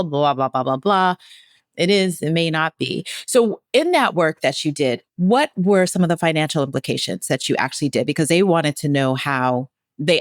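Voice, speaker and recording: A woman's voice: deep voice, no echo, studio quality. A woman hosting a podcast, enthusiastic and thinking aloud as she builds toward her questions. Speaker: podcast host. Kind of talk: interview conversation.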